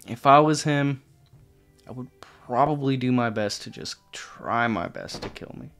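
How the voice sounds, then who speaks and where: A man's voice: medium pitch, expressive, measured pace, vocal fry, fairly bright tone, soft background music. A man commentating on his own gameplay, exasperated and swearing casually as he talks straight to the opponents on screen. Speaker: gaming channel host.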